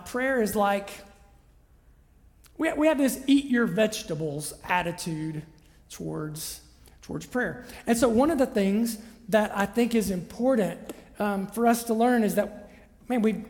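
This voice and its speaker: A man with a high-pitched, darkish voice gives a chatty, conversational sermon as a pastor. He frequently checks in with his listeners by asking "right?", and the large hall lends a long reverb.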